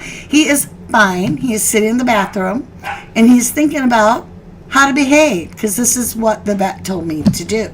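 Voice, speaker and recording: A woman's voice: fairly high pitch, slight background noise, rough recording. A woman hosting a live true crime chat, talking casually and breaking off to scold her dogs. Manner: chatty, scolding her dogs mid-stream, laughing.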